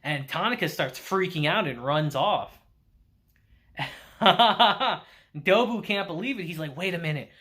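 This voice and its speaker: Male anime reviewer, casual and animated, with a lively pitch. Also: takes it slowly, long pauses. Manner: animated storytelling with acted-out quotes. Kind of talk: casual episode recap.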